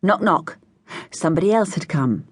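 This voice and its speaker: A woman narrating a children's story, voicing each child with a higher, brighter pitch. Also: moderate pace, husky, dry recording. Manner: lively, voices each child with raised pitch. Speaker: audiobook narrator.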